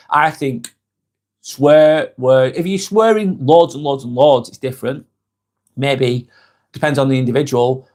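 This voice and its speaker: Frank, swearing man chatting live. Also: medium pitch. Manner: frank, swears casually, rambling and conversational. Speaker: live-stream host. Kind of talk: casual live-stream chat, answering viewer comments.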